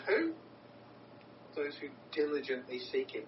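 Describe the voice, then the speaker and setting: A man's voice: lively intonation, a little slow. A man preaching a sermon in an earnest, emphatic way, often repeating words for stress. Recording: roomy, distant, dull with low rumble.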